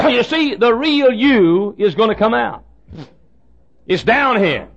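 A man preaching a sermon, telling a folksy story in an animated way that builds suspense. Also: very high voice, slow pace. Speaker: pastor. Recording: dull lo-fi sermon recording.

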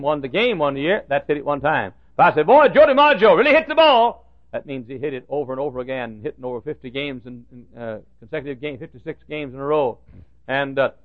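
Male preacher, fairly high voice, folksy and animated, swinging loud to hushed; dull lo-fi recording. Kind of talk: sermon.

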